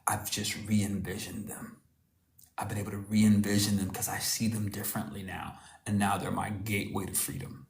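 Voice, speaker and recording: A man's voice: on the low side, vocal fry, reverberant. A man giving a casual motivational talk, preaching in slangy storytelling and calling the listener cousin. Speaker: motivational speaker.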